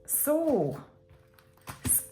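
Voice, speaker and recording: A woman's voice: very slow, warm tone, slight background noise. A woman chats casually to her viewers as a budgeting vlogger, counting banknotes aloud as she goes. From United Kingdom. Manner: chatty, counts money aloud, talks to viewers as guys. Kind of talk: casual chat while counting cash.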